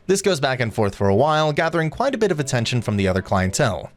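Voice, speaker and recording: Man narrating a story with lively intonation. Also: medium pitch, fast talker. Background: faint music.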